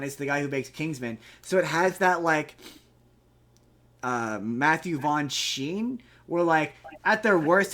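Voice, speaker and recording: Rambling, higher-voiced man recapping a movie. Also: bright, forceful tone. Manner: rambling, profane retelling of a movie plot. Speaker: podcast co-host. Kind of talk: casual chat.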